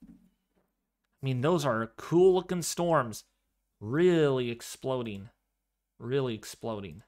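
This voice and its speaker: A man hosting a live severe weather stream, commenting excitedly on radar and storms and repeating his phrases. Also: medium pitch, takes it slowly. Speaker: livestream weather host.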